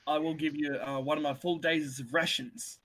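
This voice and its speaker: A man's voice: fairly high pitch, steady tone, normal speed, fairly bright tone. A man playing a tabletop game, casual and hesitant, laughing easily. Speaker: player.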